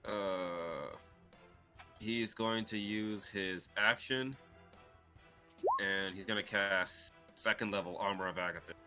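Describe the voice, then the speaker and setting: Bright-voiced man at a game table. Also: fairly low pitch, slow pace, long pauses, soft background music. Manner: joking, complaining banter. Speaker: player.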